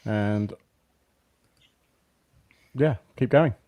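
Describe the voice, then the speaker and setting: A man's voice: on the low side, drawn-out words, warm tone. A man running a live-streamed tabletop game as game master, setting scenes vividly and laughing along with the players.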